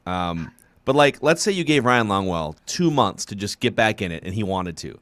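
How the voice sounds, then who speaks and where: Low-voiced man hosting a sports podcast. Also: very animated, normal speed, a bit bright, dry recording. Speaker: podcast host. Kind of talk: casual sports chat.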